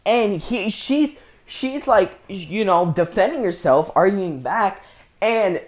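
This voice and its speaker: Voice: mid-range voice, lively intonation, slow pace. A young speaker telling a casual storytime, rambling with slang and frequent laughter. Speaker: storyteller vlogger.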